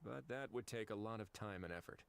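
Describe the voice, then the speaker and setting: A man voicing a calm, formal adult official in a game, speaking in a measured way. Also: lowish voice, creaky, very noisy. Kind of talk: game voice acting.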